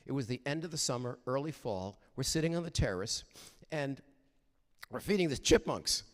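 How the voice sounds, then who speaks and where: Older man telling heartfelt stories, lively pitch. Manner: animated, heartfelt, halting restarts. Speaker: guest chapel speaker. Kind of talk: storytelling chapel talk. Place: university chapel. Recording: reverberant chapel hall.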